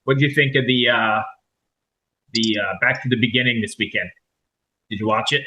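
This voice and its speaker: A man interviewing a guest, asking relaxed, conversational questions. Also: mid-range voice, normal speed, poor audio.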